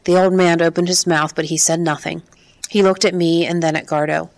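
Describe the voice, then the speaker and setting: A woman with a fairly low-pitched voice narrates an audiobook. Her scripted delivery is calm and measured.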